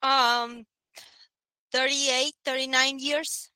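A woman with a Spanish accent whose first language is Spanish, speaking slowly and carefully as a show co-host. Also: high voice, flat delivery, pushed and bright, clean tone, low-quality recording. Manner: slow, careful reading. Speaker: co-host who reads the prayer.

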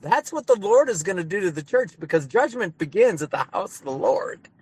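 Man, pastor, emphatic preaching, repetition, fairly high voice, video call. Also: very animated, brisk, a little mellow, husky, no room sound. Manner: emphatic and fervent, with repetition and rising bursts. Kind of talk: preaching in a group discussion.

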